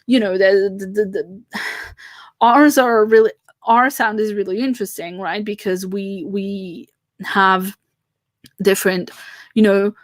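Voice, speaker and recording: A woman's voice: mid-range voice, steady tone, unhurried, long pauses, no echo, studio quality. A woman with a French accent, a native French speaker, hosting a livestream in a rambling, casual chat full of fillers and restarts, talking from home on a webcam. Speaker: livestream host.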